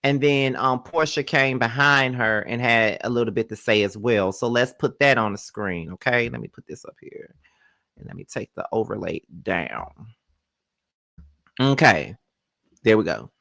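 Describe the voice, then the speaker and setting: A man's voice: medium pitch, normal speed, gravelly, bright, forceful tone, no room sound. A man hosting his own commentary channel, ranting bluntly and profanely about a celebrity feud. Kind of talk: reaction commentary.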